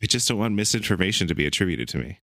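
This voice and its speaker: Deep-voiced man, earnest and expressive. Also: racing, dry recording, studio quality. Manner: earnest, self-deprecating. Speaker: podcast co-host. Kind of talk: casual podcast chat.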